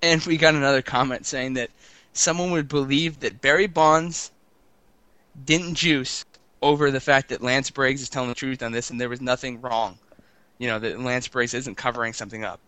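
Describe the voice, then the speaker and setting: A man's voice: on the high side, bright, forceful tone, no room sound. A man co-hosting a casual sports talk show, rambling and teasing his co-host, often stammering over restarts. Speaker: podcast co-host.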